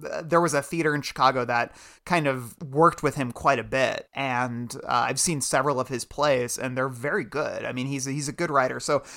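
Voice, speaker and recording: A man talks thoughtfully on a podcast, keen about what he discusses. His voice is bright and forward at a medium pitch. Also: steady tone, fairly quick, vocal fry, hardly any pauses. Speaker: podcast co-host. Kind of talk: casual podcast chat.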